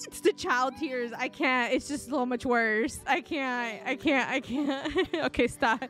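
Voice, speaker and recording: A woman streaming a life-sim game, chatting excitably with frequent gasps and laughs. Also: high-pitched, slow. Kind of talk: casual gameplay commentary.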